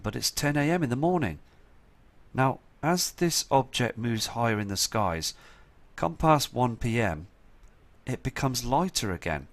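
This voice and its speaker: Male host with a somewhat low voice, urgent and earnest, talking over viewer photos. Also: a bit bright. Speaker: channel host.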